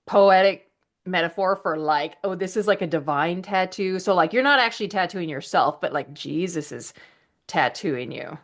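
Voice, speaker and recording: A woman's voice: lowish voice, moderate pace. A woman co-hosting a podcast, blunt and crude, joking freely in casual chat. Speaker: podcast co-host.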